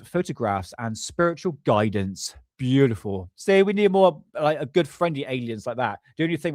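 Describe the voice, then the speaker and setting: A man's voice: on the high side, darkish tone, no room sound, clean studio sound. Chatty man hosting a stream. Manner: rambling, chuckling, stumbles over words. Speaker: livestream host. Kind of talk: casual live-stream commentary.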